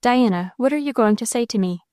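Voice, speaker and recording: A woman's voice: fairly high pitch, expressive, fairly quick, clean tone, dry recording, studio quality, natural voice. A woman narrator voicing a tender, earnest young husband in an audiobook. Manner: gentle, earnest.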